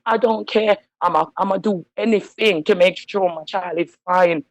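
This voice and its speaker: A woman's voice: mid-range voice, normal speed, no room sound, poor audio. A woman calling in to a phone-in show, speaking heatedly and emphatically in slang because she is upset. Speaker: caller. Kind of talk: impassioned phone-in rant.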